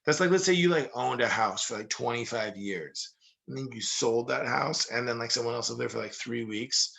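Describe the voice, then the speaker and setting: A young man teaching a history lesson in a casual, jokey way, full of asides and quick analogies. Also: medium pitch, creaky, fairly bright tone, low-quality recording. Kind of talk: casual recorded history lecture.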